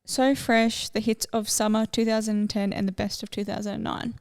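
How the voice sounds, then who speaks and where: A young woman co-hosts a podcast, chatting casually and drifting from one topic to another. Her mid-range voice is level in tone, brisk and slightly mellow, and she's talkative, rambling and easily sidetracked.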